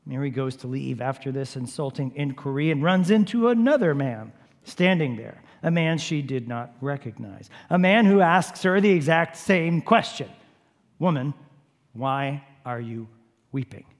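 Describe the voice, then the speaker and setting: A man's voice: a little high, expressive, normal speed. A man preaching a sermon, retelling a story vividly and repeatedly urging his listeners to imagine the scene. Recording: long hall reverb.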